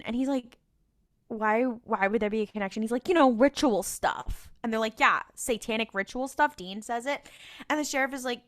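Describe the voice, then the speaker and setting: A woman's voice: a little high, lively intonation, measured pace, fairly bright tone. A woman co-hosting a casual rewatch podcast, retelling an episode and acting out the characters' lines with laughter. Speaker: podcast co-host.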